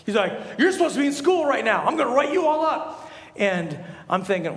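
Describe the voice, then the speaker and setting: A young man preaching a sermon as a pastor, telling stories with animated energy and rising to shouts. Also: sits high, brisk. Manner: animated storytelling, rises to shouts. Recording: echoey hall.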